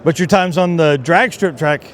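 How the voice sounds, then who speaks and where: Hoarse, teasing male interviewer. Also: on the high side, normal speed, slight background noise. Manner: playful, teasing. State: voice worn out from shouting. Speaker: interviewer at a trade show booth. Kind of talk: casual interview. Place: busy trade show floor.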